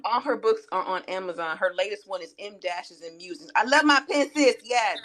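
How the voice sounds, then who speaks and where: A woman, hosting a casual live-stream chat and telling stories with lively quoted voices. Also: mid-range voice, moderate pace. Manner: animated storytelling, quoting others in character. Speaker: host.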